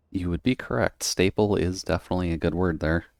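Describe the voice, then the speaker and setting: A man's voice: deep voice, gravelly, a little mellow, no echo, studio quality. A man streaming a game, chatting casually in a rambling way and laughing often. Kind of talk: casual chat while gaming.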